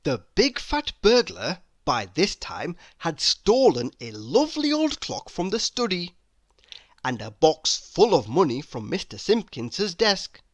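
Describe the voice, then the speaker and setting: A woman reading a children's storybook aloud in an expressive manner, now and then asking the listener questions. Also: on the low side, measured pace, no room sound, studio quality. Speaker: storybook reader.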